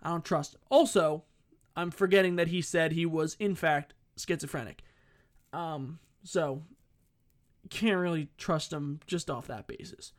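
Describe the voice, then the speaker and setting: A man with a notably high voice recounts a comic personal story in a casual way. He swears freely, interrupts himself, and gets animated as the story builds. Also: unhurried. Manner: profane, animated, self-interrupting.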